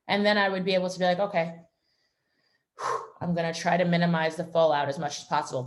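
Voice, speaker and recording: Gravelly-voiced woman coaching on a video call. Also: fairly low pitch. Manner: gentle, reassuring, reflective. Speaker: host of a members' video call.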